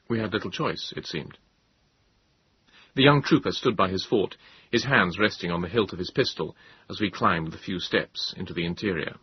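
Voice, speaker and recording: Husky, low-voiced male narrator. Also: no room sound. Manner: measured, grave storytelling. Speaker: audiobook narrator. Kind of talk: scripted narration. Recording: slightly dull, dry recording.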